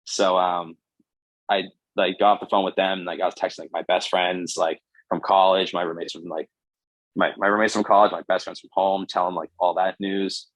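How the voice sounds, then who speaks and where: A young man in his twenties, a guest pitcher, telling stories casually and animatedly with lots of "like". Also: moderate pace, no room sound, rough recording. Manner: animated, fills speech with "like". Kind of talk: casual storytelling.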